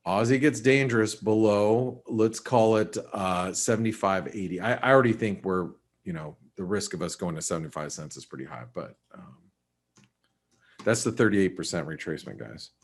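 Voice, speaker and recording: A forex market analyst with a low voice hosts a live trading webinar, casually talking through currency levels. He often thinks aloud, with quick restarts and side remarks.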